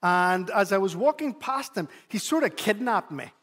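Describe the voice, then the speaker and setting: A man preaching a sermon as pastor, telling a story in an animated way and sometimes repeating words for emphasis. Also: sits high, normal speed, long reverb tail.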